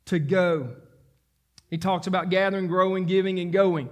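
A male pastor delivers a sermon. His voice sits high for a man and climbs into fervent, near-shouted emphasis as he reads scripture and exhorts the congregation. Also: fairly even intonation, moderate pace.

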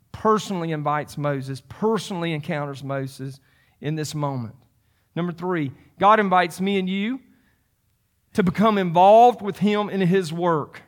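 A man's voice: high-pitched, fairly bright tone. A man in his fifties preaching a sermon, emphatic and repeating phrases for stress. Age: 50s. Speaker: pastor.

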